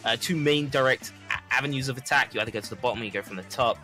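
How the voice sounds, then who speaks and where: Male esports caster, bright and forceful tone, faint music bed underneath. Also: medium pitch. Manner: rapid, repeats words, chatty. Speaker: esports commentator. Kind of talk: live esports commentary.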